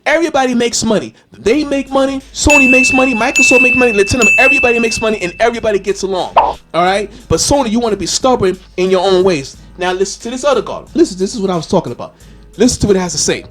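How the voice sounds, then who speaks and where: A man hosting a gaming channel, ranting with loud, exasperated questions and frequent cursing. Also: high voice. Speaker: gaming YouTuber. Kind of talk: animated rant video.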